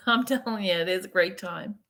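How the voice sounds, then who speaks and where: A woman's voice: medium pitch, measured pace, fairly bright tone. A woman vlogging in casual, rambling chat, swearing freely and laughing often.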